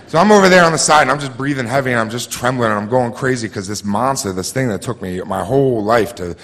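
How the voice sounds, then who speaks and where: A man telling a tense personal story on a theater stage, speaking quietly and intensely with halting restarts. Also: mid-range voice, expressive, long reverb tail.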